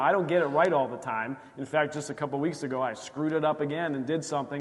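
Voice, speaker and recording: A male pastor preaching a sermon, telling a story and acting out the dialogue with lively energy. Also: on the high side. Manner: animated storytelling, acts out dialogue. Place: church sanctuary. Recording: church hall reverb.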